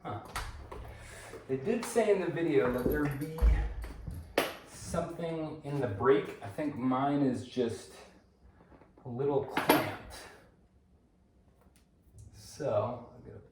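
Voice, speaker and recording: A man's voice: medium pitch, slow, pauses often. A man casually talking through a bike assembly, rambling to himself as he works and tossing in jokes. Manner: rambling, talks to himself while working, joking asides. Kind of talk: casual unboxing and assembly walkthrough. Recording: roomy, distant mic, clear background noise.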